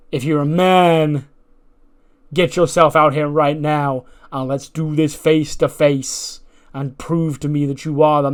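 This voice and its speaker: A man voicing an angry hulking male wrestler who calls out a rival, slow and menacing. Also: a little high.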